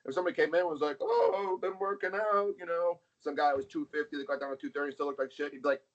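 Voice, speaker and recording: A man's voice: a little high, little pitch movement, very fast. Blunt middle-aged man telling a story. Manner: blunt, swears freely. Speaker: interview guest, arm wrestler. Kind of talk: casual storytelling. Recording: dull lo-fi sound.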